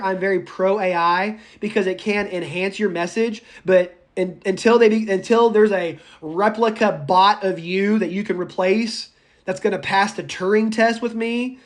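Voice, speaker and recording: Chatty male public speaking teacher. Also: high-pitched. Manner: chatty and animated, addresses students by name; goes off on tangents. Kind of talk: live class lecture.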